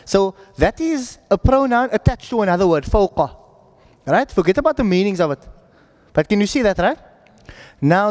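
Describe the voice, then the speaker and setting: High-voiced male teacher in an echoey hall. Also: darkish tone. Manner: informal, checks understanding often with "right?". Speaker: Quran recitation teacher. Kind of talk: classroom teaching. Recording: echoey classroom audio.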